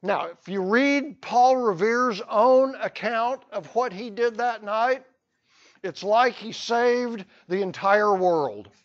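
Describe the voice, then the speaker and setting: A man's voice: sits high, takes it slowly, lo-fi sound. A man teaching a history lesson to a class, telling the story with playful asides. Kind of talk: classroom lecture.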